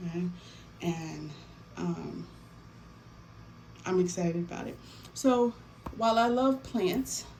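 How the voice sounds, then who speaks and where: A woman hosting a tarot deck giveaway in a casual, animated chat, swearing freely and repeating herself for emphasis. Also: medium pitch, rough recording. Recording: faint background noise.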